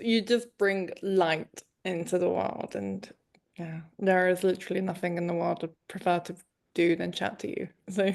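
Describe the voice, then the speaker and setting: A woman, the author guest on a podcast, speaking softly and warmly in casual chat. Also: lowish voice, fairly even intonation, moderate pace, creaky.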